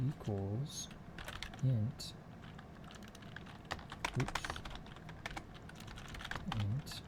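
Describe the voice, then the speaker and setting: A man talks slowly in a mid-pitched voice, half to himself and half to his stream viewers. He mutters lines of code aloud as he works at his computer in a room at home. Faint keyboard typing and a light hiss sit behind him. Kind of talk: casual live stream while coding.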